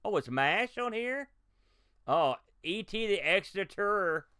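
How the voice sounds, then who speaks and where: Man hosting a retro game stream, animated delivery, bright tone, excitable reactions to play. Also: high voice, slow pace, clear, resonant tone, no room sound, studio quality. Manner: excitable, reacts loudly to gameplay and talks to chat. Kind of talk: live game-stream commentary.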